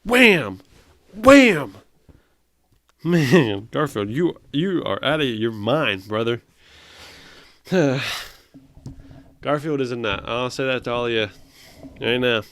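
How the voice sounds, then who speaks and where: A man's voice: medium pitch, slow, long pauses, a bit bright, no room sound. A man hosting a comedy show, reading comic strips aloud and ranting at them in mock outrage. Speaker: host.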